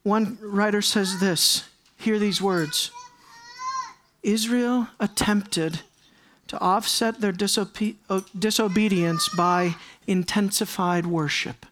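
A man delivers a sermon in an earnest preaching manner. He repeats key phrases for emphasis and moves between soft, low asides and raised, pressing lines. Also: slow pace, a little hiss or hum. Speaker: pastor.

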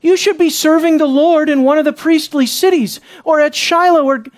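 Speaker putting on high incredulous questioners. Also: normal speed, lightly acted. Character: suspicious men of a tribe questioning a stranger.

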